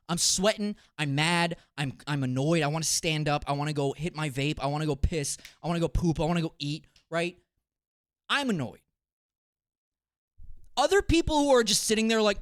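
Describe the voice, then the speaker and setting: A young man streaming, ranting casually and profanely to his chat, swinging from low muttering to loud exasperated outbursts. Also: animated, a little fast, dry recording, studio quality.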